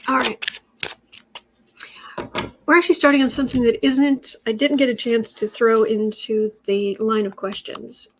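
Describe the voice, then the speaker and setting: A woman's voice: fairly high pitch, steady tone, moderate pace, pauses often, slight background noise. A woman in her forties from West Virginia, chatting casually on a tarot and astrology livestream, thanking viewers by name and often restarting her sentences. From West Virginia, USA.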